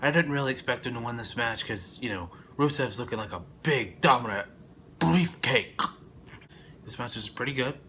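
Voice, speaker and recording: Profane rambling man with a bright voice. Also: mid-range voice, expressive, normal speed, a little hiss or hum. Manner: profane and rambling, with loud outbursts. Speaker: wrestling reviewer. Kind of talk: casual review vlog.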